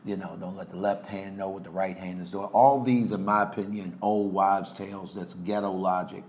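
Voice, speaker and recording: A middle-aged man with a lowish voice hosts a casual talk show alongside his wife, teasing and animated as he talks. He speaks as a relationship coach, loose and conversational. Faint noise hums under the recording. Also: normal speed, muffled recording. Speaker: relationship coach and podcast co-host.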